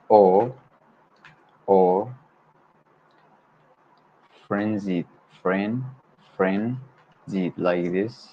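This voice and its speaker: This clip is a dull lo-fi home stream with faint noise, where an Arabic-speaking language learner drills words slowly. His voice is low, and he repeats each vocabulary word one at a time.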